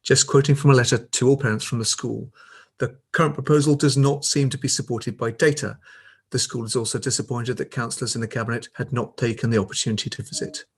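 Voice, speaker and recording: A man's voice: mid-range voice, steady tone, fast talker, breathy edge. A man reading a critical prepared statement to a council meeting over a video call, with pointed emphasis. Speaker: public speaker at council meeting. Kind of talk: prepared statement read aloud.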